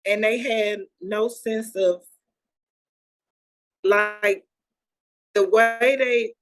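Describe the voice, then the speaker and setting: A woman's voice: fairly high pitch, steady tone, extremely slow. A woman co-hosting a podcast, telling a story in loose, conversational vernacular. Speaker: podcast co-host. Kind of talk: casual chat.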